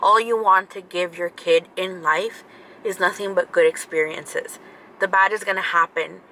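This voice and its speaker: A woman's voice: lowish voice, steady tone, moderate pace, sharp tone, slight background noise, rough recording. A woman in her thirties, a vlogger telling a story casually to camera, chatty and repeating herself for emphasis.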